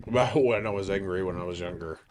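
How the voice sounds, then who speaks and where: A man talks with his wife on their podcast in a calm, low-key way, with dry, understated replies. He doesn't put much emotion into his voice. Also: quick pace. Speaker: podcast co-host. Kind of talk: casual couple chat.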